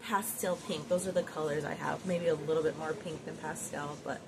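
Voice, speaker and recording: A woman's voice: deep voice, fairly even intonation, brisk. A woman vlogging from home in casual chat, gushing and rambling with lots of fillers and repeated words. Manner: gushing, admiring. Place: home, near closet. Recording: noisy background.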